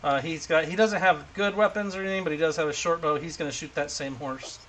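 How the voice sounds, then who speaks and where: A man narrates a tabletop game as game master, talking casually into his home streaming mic. His voice sits a bit high and rings bright. He is chatty and laughs often between monster moves. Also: fairly even intonation, fast talker, a little hiss or hum.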